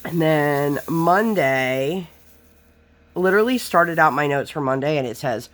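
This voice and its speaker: A woman's voice: low-pitched, animated, measured pace. A woman vlogging while she crafts, telling rambling stories about her week with lots of fillers, a bit sniffly. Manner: rambling, chatty storytelling with many fillers. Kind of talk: casual chat while crafting.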